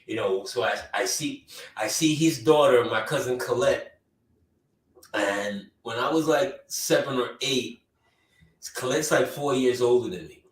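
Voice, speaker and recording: A man's voice: medium pitch, a little slow. A man from Jamaica, co-hosting a podcast, telling a childhood story in casual chat with lots of "you know" fillers. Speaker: podcast co-host. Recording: roomy sound, distant from the mic.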